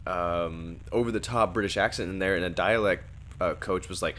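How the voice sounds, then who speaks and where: A man with a fairly low voice talks through a movie on a casual review podcast. He rambles a bit, restarts his sentences, and slips into quoted lines as he recaps. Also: fairly even intonation, moderate pace, a bit bright, slight background noise. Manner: rambling retelling with acted-out quotes. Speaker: podcast co-host. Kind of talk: casual film review chat.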